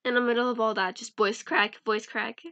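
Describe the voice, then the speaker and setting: A woman's voice: a little high, steady tone, fairly quick, bright, forceful tone. A young woman chatting casually in a vlog as she sorts through cards, giggling and mumbling names to herself. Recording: dull lo-fi sound.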